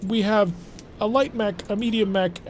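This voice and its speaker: Wry man narrating a game, slightly high. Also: moderate pace, a little hiss or hum. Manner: wry, self-deprecating, chatty. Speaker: gaming channel host. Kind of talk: let's play commentary.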